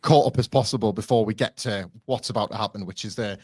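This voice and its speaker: A man co-hosting a casual podcast, animated, acting out quotes in a rising voice. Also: on the low side, quick pace, husky, dry recording, clean studio sound. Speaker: podcast co-host.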